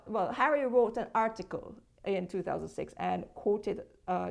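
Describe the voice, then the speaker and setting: Jamaican woman, interview guest, firm and emphatic, gravelly edge. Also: medium pitch, a little mellow. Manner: emphatic, firmly explaining her position. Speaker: guest, social media creator. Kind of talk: conversational interview.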